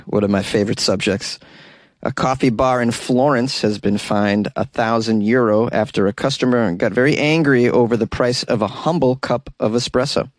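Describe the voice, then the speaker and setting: A man's voice: medium pitch, no room sound. Wry, chatty male talk radio host. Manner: wry, chatty, sarcastic asides. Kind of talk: call-in talk show news commentary.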